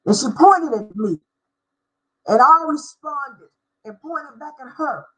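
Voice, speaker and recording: A middle-aged woman, a former schoolteacher, telling a personal faith story with deep feeling and spelling out words for emphasis. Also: lively intonation, takes it slowly, long pauses, a bit bright, low-quality recording. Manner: emotional, spells out words, sings briefly. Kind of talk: personal testimony.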